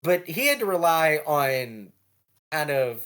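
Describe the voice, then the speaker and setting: A man co-hosting a casual anime podcast, talking in a loose, animated way and breaking into quick character impressions. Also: on the high side. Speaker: podcast co-host.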